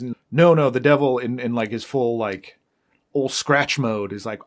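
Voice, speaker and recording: A male podcast co-host talks through his ideas in a laid-back, explanatory manner. His voice sits at an ordinary middle pitch for a man. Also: steady tone, fairly quick. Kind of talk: casual podcast chat.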